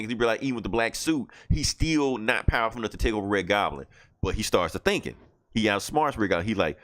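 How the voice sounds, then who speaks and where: A man's voice: lowish voice, fairly bright tone. Man retelling a story with lots of swearing. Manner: profane, rambling storytelling. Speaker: podcast host. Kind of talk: casual chat.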